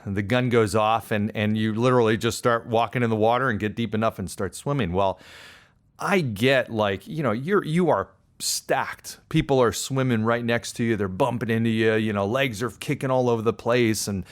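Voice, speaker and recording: A man hosting a podcast, telling a personal story in an animated, self-deprecating way. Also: on the low side, moderate pace. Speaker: podcast host. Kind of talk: casual storytelling monologue.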